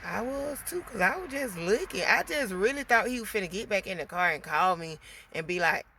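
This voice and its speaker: A woman vlogger venting a storytime, animated and swearing, talking straight to her viewers. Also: medium pitch, a little fast, a little hiss or hum. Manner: animated, swearing, addresses viewers as girl and y'all.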